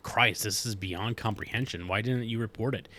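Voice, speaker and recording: A man's voice: lowish voice, moderate pace, sharp tone. A man reading aloud as a young male park ranger in a horror game, asking plain questions.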